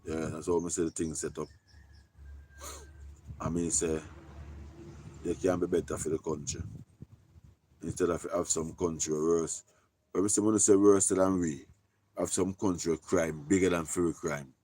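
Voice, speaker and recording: A Jamaican man talking casually on a live stream, giving shout-outs in loose patois and repeating his catchphrases. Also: low voice, fairly even intonation, moderate pace, pauses often, slight background noise.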